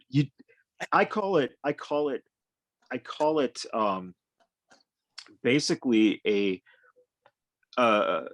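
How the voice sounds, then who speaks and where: A man's voice: mid-range voice, fairly bright tone, no room sound. A man hosting a podcast in casual conversation, talking in a loose, rambling way and swearing freely. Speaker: podcast host.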